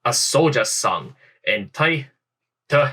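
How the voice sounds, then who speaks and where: A man's voice: medium pitch, sing-song, slow, sharp tone, husky. A young man hosting a reaction video, rambling theatrically while putting on a thick Irish accent over his English roots. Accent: put-on Irish. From England. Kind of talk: casual reaction commentary.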